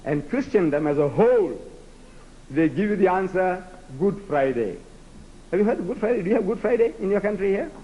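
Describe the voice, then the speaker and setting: A man's voice: high-pitched, expressive, fast talker, warm tone, dull audio, a little hiss or hum. A man from South Africa whose first language is Gujarati, giving a rhetorical, challenging public lecture to a live audience. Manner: rhetorical, challenging, acts out debates with mock voices.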